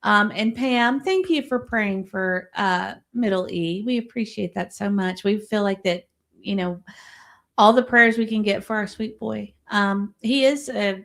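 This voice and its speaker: A woman's voice: mid-range voice, unhurried, creaky, a bit bright. A woman hosting a casual livestream, reading viewer comments aloud and chatting back.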